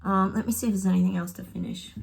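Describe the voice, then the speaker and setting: A woman's voice: mid-range voice, steady tone, fast talker, gravelly, darkish tone, slight background noise. A middle-aged woman, a psychic, chatting casually to viewers while pulling tarot cards, rambling and laughing often. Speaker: psychic giving tarot predictions.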